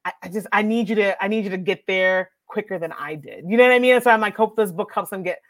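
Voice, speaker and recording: A young adult woman, an author talking in a casual conversation, animated and quick to laugh. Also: mid-range voice, no room sound. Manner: animated, laughs often, acts out voices. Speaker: author and speaker.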